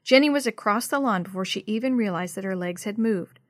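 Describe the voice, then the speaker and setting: A woman reading a chapter book aloud to children in an expressive storytelling voice. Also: medium pitch, fairly quick, dry recording, clean studio sound.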